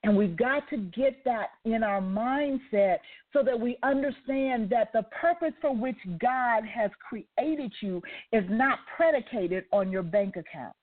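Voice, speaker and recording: A woman on talk radio speaks a little slowly, with few pauses, in a slightly high voice. Her motivational monologue retells a story with asides and ends up as a faith-based lesson, carried over a tinny, phone-like line.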